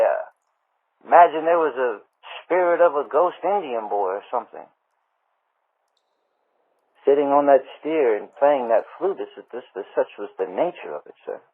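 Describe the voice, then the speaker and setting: A man leaving a long voicemail for a radio show, telling a rambling story with drawn-out pauses and often calling the host sir. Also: medium pitch, slightly rough. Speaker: voicemail caller. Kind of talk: rambling anecdote. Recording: tinny phone-line voicemail.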